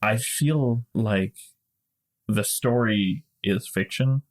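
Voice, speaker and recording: A man's voice: fairly low pitch, drawn-out words. A man co-hosting a podcast, explaining things at length in casual chat with small restarts. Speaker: podcast co-host.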